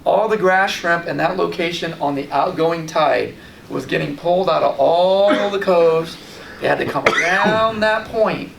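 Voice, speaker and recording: Brief: gravelly, fairly high-voiced male fishing host telling animated stories, recorded roomy and far off. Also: unhurried. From Long Island, New York. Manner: animated storyteller, acts out his own past reactions. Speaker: fishing guide and show host. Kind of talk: casual fishing tips talk. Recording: roomy, distant mic with light background noise.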